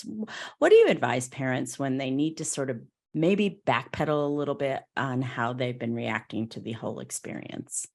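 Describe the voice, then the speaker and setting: A middle-aged woman hosting a casual interview, chatting warmly and laughing now and then. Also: a bass voice, animated, normal speed, creaky. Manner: warm, chatty, often laughs and acts out quoted voices. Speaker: podcast host.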